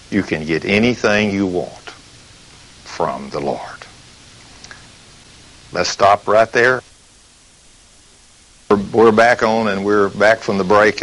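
A man's voice: lowish voice, a bit bright, a little hiss or hum, rough recording. A man preaching a sermon. He asks rhetorical questions and acts out the scenes and voices he quotes. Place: studio recording between breaks.

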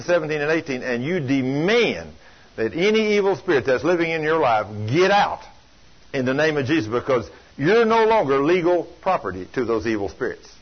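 An older man preaches with a drawl, his voice a little husky and pitched somewhat high. He tells folksy stories, swinging from loud, urgent passages down to hushed ones. The recording sounds dull and lo-fi. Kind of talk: sermon.

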